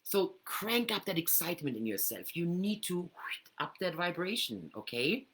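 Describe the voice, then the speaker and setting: Animated middle-aged woman teaching. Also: fairly low pitch, moderate pace, slightly rough. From Germany. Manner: animated, acts out inner voices with big swings. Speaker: host. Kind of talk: casual teaching talk to camera. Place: home room by a computer.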